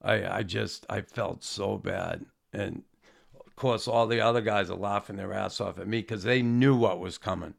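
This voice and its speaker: Man, gravelly, low voice, rambling storyteller, swears casually. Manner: rambling, halting, with frequent restarts and fillers; swears casually, self-deprecating. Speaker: former hockey player telling stories.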